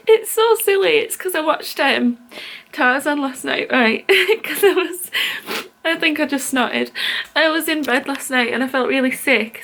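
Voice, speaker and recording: A woman chatting casually to camera in a vlog, emotional and quick to laugh, with lots of "like"s. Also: a little high, a bit bright. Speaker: vlogger.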